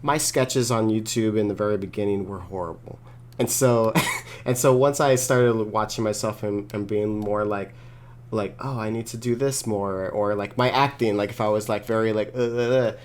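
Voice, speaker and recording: A man talking casually as an interview guest, rambling and filling pauses with "like" and "you know". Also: on the low side. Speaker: guest, wrestler and creator.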